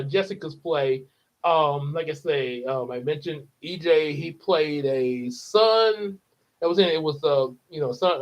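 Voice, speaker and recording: A man hosting a channel update, chatting casually and rambling with lots of fillers. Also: on the high side. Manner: rambling, many fillers and laughs. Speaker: channel host and actor. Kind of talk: casual chat. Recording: dull lo-fi sound.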